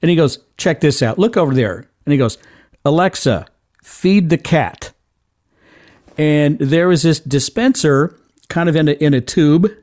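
A man's voice: on the high side, moderate pace, darkish tone. A middle-aged man hosting a talk radio show, giving advice in a loose, chatty way with many fillers and restarts.

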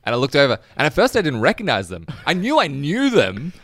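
A man co-hosts a relaxed movie podcast, telling anecdotes with lots of swing in his voice. The sound is close and dry. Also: fairly high pitch, brisk, dry recording. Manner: animated storyteller, laughs and swears. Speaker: podcast co-host, cinema worker. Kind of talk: casual film chat.

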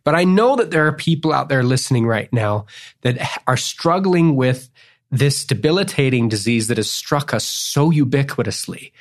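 A man's voice: mid-range voice, lively intonation, moderate pace. A middle-aged man, a cellist and guest, telling emotional family stories in earnest, tearful bursts that go off on tangents. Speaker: cellist guest on a faith podcast. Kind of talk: emotional interview storytelling.

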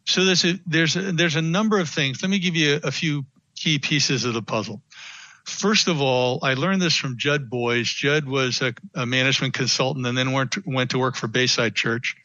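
A bright, forceful man in a radio interview, taking on little voices as he tells a story. The sound is dull and dry. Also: medium pitch, moderate pace, no echo. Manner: animated storytelling, acts out quotes. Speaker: guest consultant.

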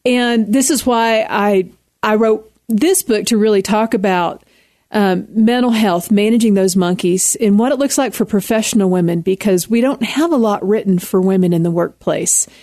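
A woman's voice: medium pitch, moderate pace, darkish tone, no room sound, clean studio sound. A woman in her fifties with a Texan accent, an author speaking earnestly as a radio interview guest. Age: 50s.

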